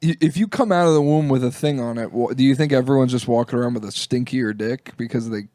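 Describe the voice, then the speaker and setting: A man's voice: mid-range voice, fast, warm tone, no room sound, clean studio sound. A man co-hosting a comedy podcast, telling rambling stories in casual chat and dropping into silly mock voices. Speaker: podcast co-host.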